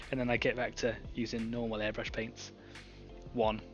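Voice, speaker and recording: A man's voice: medium pitch, completely flat delivery, measured pace, a bit bright, faint music behind. A man hosting an online painting club, chatting casually and thinking aloud as he demonstrates airbrush painting. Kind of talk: casual live-stream painting demo.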